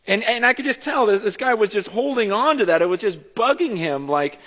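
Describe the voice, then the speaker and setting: A middle-aged male pastor delivers a sermon in a loose, conversational way, animated and quick to poke fun at himself. His voice sits a little high for a man. It rings out with the long reverb of a large church sanctuary. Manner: conversational storytelling, animated and self-deprecating.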